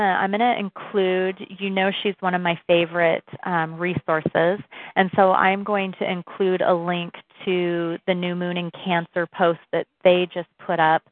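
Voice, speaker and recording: A woman leads a new moon gathering on a group call and talks in a loose, chatty way. Her voice sits a little low and comes through a dry, tinny phone line. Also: dry recording. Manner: chatty, rambling, with fillers and laughs.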